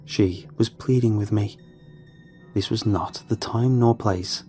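A man giving scripted first-person horror narration in a measured, ominous manner. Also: fairly low pitch, mellow, soft background music.

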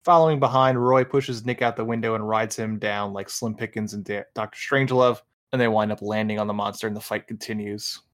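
A man's voice: fairly low pitch, fairly even intonation, fairly quick, hardly any pauses, fairly bright tone. A man co-hosting a casual podcast, recapping a movie plot in long run-on sentences. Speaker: podcast co-host.

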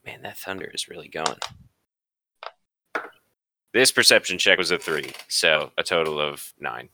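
Brief: low-voiced male player, lively pitch, very bright tone, dry close sound. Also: unhurried, slight background noise. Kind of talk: casual tabletop game play.

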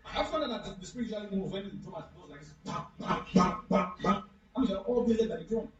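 A man's voice: sits high, expressive, rapid-fire, darkish tone, faint music behind. Man preaching from far off in an echoey hall. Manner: repeats questions to the congregation. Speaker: pastor. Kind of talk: interactive sermon. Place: church hall. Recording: echoey, distant, dull room recording.

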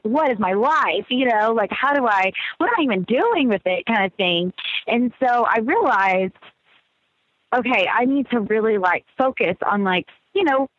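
A young adult woman, a guest in a casual interview, talking in an outgoing, animated way with lots of fillers. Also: mid-range voice, dry recording, highs cut off.

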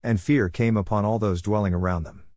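Guy reading scripture, even and formal, lowish voice, dry sound. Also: fairly quick, dry recording. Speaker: scripture reader.

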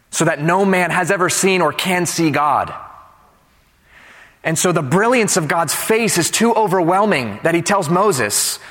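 A man preaches with a fairly high voice, moving from light joking to hushed, earnest retellings of scripture. His voice carries a long echo, as if he is in a large sanctuary. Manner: animated, joking, then earnest and hushed when quoting scripture. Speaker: pastor. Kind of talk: sermon. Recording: reverberant hall.

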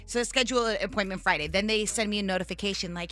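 A woman co-hosting a morning radio show, telling a story in an animated, emphatic way. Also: mid-range voice, very fast, hardly any pauses. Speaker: radio co-host.

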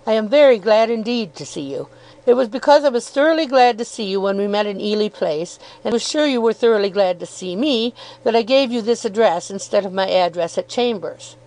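A woman's voice: medium pitch, fairly quick, a little mellow, natural voice, low-quality recording. A woman voicing a good-humoured, cheerful young law student in an audiobook, chuckling and self-deprecating. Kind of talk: audiobook character reading.

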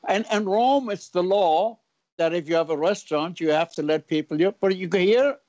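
A man being interviewed, halting and searching for words, with a wry humour. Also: sits high, a little mellow, dry recording, muffled recording. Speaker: guest. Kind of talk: interview answers.

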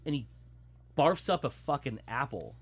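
A man's voice: mid-range voice, moderate pace, breathy edge. A young man in casual chat, retelling a movie plot with plenty of swearing and acted-out lines. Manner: animated, profane storytelling, acting out quotes.

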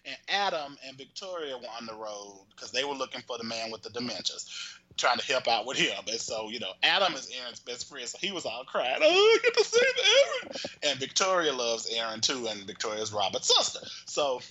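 A man casually chatting and retelling a soap opera, animated and rambling, with frequent cursing. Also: medium pitch, fairly quick, rough recording. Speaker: storyteller recapping a soap opera. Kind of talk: casual chat.

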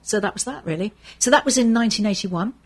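A woman's voice: medium pitch, lively intonation, quick pace. An older English woman chatting as an interview guest. She talks in a rambling, storytelling way, full of ums and restarts. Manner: chatty, anecdotal, with frequent fillers and restarts. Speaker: soap actress guest. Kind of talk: casual interview chat.

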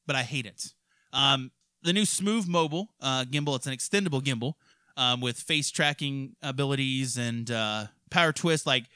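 A man hosting a casual podcast from his studio, ranting and swearing constantly with loud outbursts. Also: mid-range voice, no echo. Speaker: podcast host. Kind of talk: profane ranting podcast chat.

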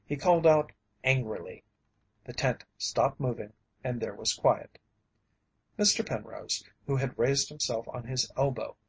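A man reading a story aloud as an audiobook narrator, in a steady, even manner. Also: mid-range voice, slightly rough, rough recording. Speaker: audiobook reader.

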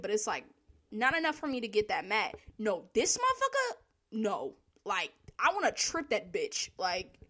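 A young woman telling a casual, profane story about her work, laughing often as she talks. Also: medium pitch. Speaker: store worker telling work stories.

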